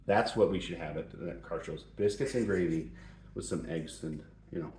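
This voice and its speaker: A man's voice: sits low, normal speed, a little mellow, a little hiss or hum. A middle-aged man hosting a joking advice talk, playful and mock-serious, in a home shop. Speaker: host. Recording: roomy echo.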